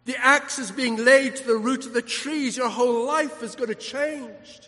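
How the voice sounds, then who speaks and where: A man's voice: extremely high pitch, moderate pace, pushed and bright. A man preaching a sermon as a vicar, emphatic, asking the congregation rhetorical questions. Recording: long hall reverb.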